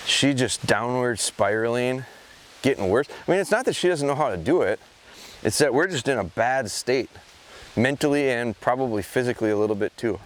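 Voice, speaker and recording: A man's voice: animated, moderate pace, slight background noise. A man training his gun dog in a field, explaining his approach to the camera in a casual, reflective way. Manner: talks to the camera, then calls to a dog in high, sing-song praise. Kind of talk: casual outdoor training commentary. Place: outdoors in a field.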